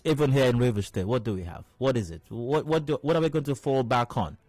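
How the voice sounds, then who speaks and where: A man's voice: medium pitch, fast, a little mellow, dry recording, soft background music. A man hosting a talk radio show, making wry, rhetorical commentary and repeating phrases for emphasis. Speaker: radio host. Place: radio studio.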